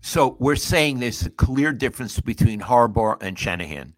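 An older man co-hosting a sports podcast, talking casually in a measured way, asking questions and summing up points. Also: mid-range voice, animated, no room sound. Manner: measured, asks questions and sums up.

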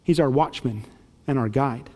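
A man reading aloud as a gentle father sheep in a storybook, speaking calmly and reassuringly. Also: mid-range voice, normal speed, long reverb tail, close to an everyday voice. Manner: calm, reassuring.

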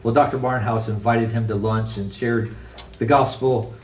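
A man's voice: medium pitch, steady tone, moderate pace, darkish tone, slight background noise. A man giving a sermon, telling a story in an earnest, conversational way with frequent restarts. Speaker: pastor. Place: church sanctuary. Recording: roomy echo from a distant mic.

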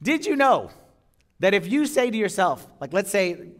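A male priest delivers a sermon to a congregation in an unusually high voice. His pitch swings widely as he preaches with animation, putting questions to the room and repeating his key points. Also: sing-song, moderate pace, a bit bright. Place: church before a congregation.

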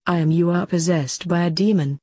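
A woman voicing a female stage medium, speaking in slow, grave pronouncements. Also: lowish voice, warm tone, husky, no room sound, studio quality. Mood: solemn.

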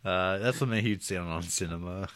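Deadpan low-voiced man, dry sound. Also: quick pace, no room sound. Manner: dry, laid-back, deadpan asides. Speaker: podcast co-host. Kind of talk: casual movie review chat.

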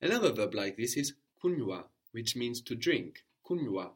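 A man's voice: mid-range voice, big pitch swings, slightly rough. Patient male language teacher. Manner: patient, repeats answers back slowly, ends points with a questioning "no?".

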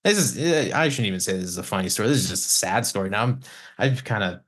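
A recording engineer guesting on a podcast tells studio stories in a lowish, slightly bright voice, talking fast and animatedly. His casual storytelling rambles with many restarts and swearing, and he mimics his clients.

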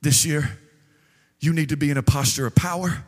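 High bright-voiced preacher in a big hall. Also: male voice, quick pace. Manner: lively storytelling with acted quotes. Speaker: pastor. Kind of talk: sermon. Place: church sanctuary. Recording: long hall reverb.

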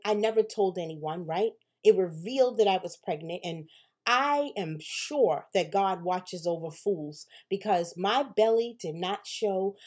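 A woman's voice: medium pitch, a little mellow. A woman hosting a podcast, telling a personal story in a candid, conversational way, swearing casually and often asking "right?". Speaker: podcast host.

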